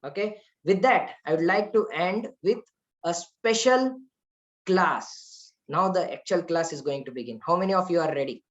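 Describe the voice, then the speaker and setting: A man with an Indian accent giving a devotional scripture class, telling stories in an animated way. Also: sits high, moderate pace, muffled recording. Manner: animated storyteller, switches into Hindi phrases.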